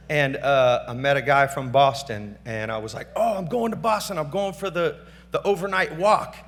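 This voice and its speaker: The speaker is a middle-aged man at a gala, his voice a little high and a bit bright, moving at a moderate pace. Loose and slangy, he ad-libs an acceptance speech on the stage mic, thanking family and friends in a large banquet hall whose reverb and faint hum are audible.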